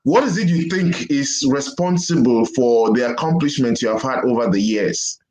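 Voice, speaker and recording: A man's voice: mid-range voice, expressive, normal speed, a loud crowd. A male interview host with a mid-range voice who probes his guest and restates what he has just said. His voice carries a noticeable room echo. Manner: probing, restates the guest's points. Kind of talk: interview questions.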